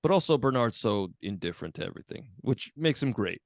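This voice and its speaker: Male podcast co-host, average pitch, crude casual banter, dry close sound. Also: expressive, fast, hardly any pauses, no room sound. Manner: crude, laughing, swears freely. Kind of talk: casual chat.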